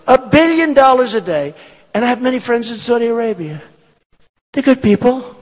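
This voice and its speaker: Emphatic man, lively pitch, echoing hall. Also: moderate pace. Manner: repetitive, emphatic, boastful, digressive. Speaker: political candidate speaking at a rally. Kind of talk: rally speech. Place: large performing arts hall. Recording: long hall reverb.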